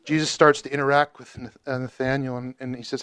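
A man teaching a Bible study group in a casual, animated way, joking and asking questions. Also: mid-range voice, fast talker, clear, resonant tone.

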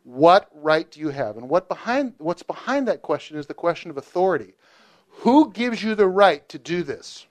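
A man teaching a Bible study group in a casual, animated way, joking and asking questions. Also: high-pitched, normal speed.

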